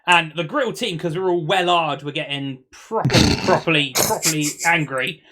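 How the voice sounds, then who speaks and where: A man's voice: a little high, normal speed, very noisy. A man, co-hosting a podcast in casual banter, telling boastful, joking stories. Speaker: podcast co-host.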